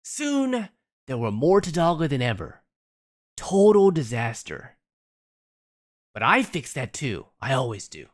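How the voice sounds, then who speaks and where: A man voicing a boastful, blustering older duke in a lowered voice, speaking in short, self-praising phrases. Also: huge pitch swings, measured pace, pauses often.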